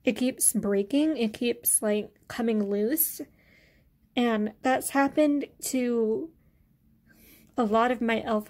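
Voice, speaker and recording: A woman vlogger talks through her beauty products at an easy, unhurried pace. Her voice sits a little high, and she pauses often with fillers as she goes. It sounds like a relaxed chat at home. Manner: relaxed, hesitant, many fillers. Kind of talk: casual product review.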